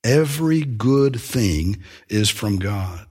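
Male preacher delivering a sermon, slightly husky, earnest, leans hard on key phrases. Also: lowish voice, lively intonation, a little mellow. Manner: earnest, emphatic, with slow stressed phrases and small restarts.

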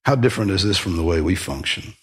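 A man's voice: low-pitched, animated, fast talker. A man preaching a sermon, emphatic, with rhetorical questions and sudden rises in emphasis. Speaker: pastor.

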